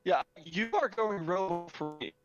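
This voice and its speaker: A man's voice: high voice, unhurried, over music. A man casting an esports match in a chatty, casual way, reading out viewer chat, heard over an online voice call. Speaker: esports caster. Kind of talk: casual game commentary. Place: home setup on an online voice call. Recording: dull, dry voice-chat audio.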